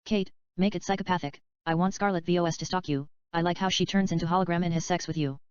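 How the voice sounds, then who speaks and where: A woman's voice: lowish voice, steady tone, fast, clean tone, no echo, natural voice. Kate, a woman reading a teasing actress. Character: adult actress, teasing and provocative. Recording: dull, slightly lo-fi dry recording.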